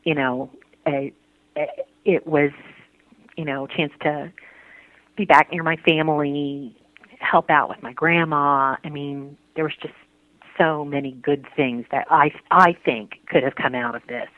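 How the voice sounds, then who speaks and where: A woman interviewee talking earnestly about her faith, halting and restarting often. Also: low-pitched, steady tone, no room sound. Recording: tinny phone-line sound, dry.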